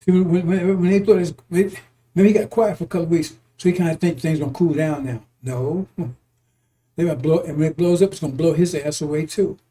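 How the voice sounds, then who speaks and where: A man's voice: a little high, fairly even intonation, brisk, warm tone. A man giving informal, emphatic preaching on scripture. He repeats himself, chuckles often and swears freely. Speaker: religious teacher.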